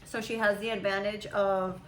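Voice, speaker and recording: Young mother, casual home chat, rambling and animated, mid pitch, faint noise behind. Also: normal speed, rough recording. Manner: chatty, animated storytelling with imitations. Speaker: mother, channel host.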